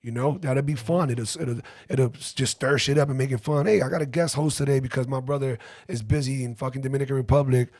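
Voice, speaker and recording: A man's voice: mid-range voice, brisk, hardly any pauses, no echo, studio quality. A man hosting a podcast, telling a story in casual chat, swearing freely and acting out text messages. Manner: animated, swearing, mimics texts. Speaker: podcast host.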